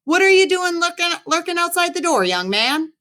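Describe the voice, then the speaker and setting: Woman doing a booming stern school principal. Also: big pitch swings, normal speed, pushed and bright, heavily acted. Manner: repeats himself, stern.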